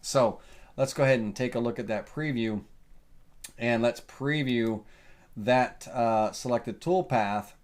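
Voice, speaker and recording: A man giving a relaxed live woodworking software tutorial, answering viewer questions with lots of fillers. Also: medium pitch, measured pace. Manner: casual, folksy, lots of uh and um fillers. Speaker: CNC woodworking instructor.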